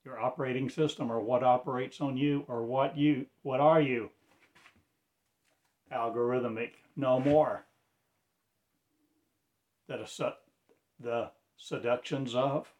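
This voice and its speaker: A man's voice: medium pitch, steady tone, moderate pace, darkish tone. A man delivering a fragmented, incantatory spoken-word monologue with preacher-like phrasing.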